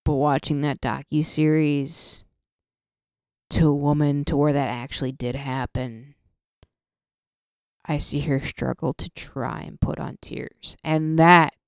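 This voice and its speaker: A woman's voice: sits low, steady tone, takes it slowly, clear, resonant tone, no echo, studio quality. A woman hosting a solo podcast, ranting in an emotional, profane way, often stopping and restarting her sentences. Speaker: podcast host. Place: podcast studio.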